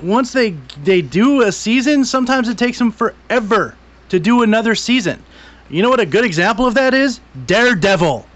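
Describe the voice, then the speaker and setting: A man co-hosting a casual podcast, ranting with lots of swearing, swinging from grumbling to shouting. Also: very high voice, animated, moderate pace. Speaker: podcast co-host. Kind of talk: casual chat. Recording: dull lo-fi podcast audio.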